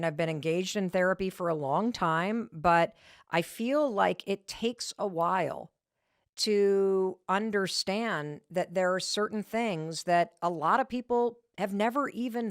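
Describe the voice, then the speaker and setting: A woman's voice: on the low side, a little slow, no room sound, clean studio sound. A middle-aged woman, hosting a podcast and giving motivational advice in an emphatic, conversational way. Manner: emphatic, conversational, punchy stress on key words. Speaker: podcast host answering listener questions.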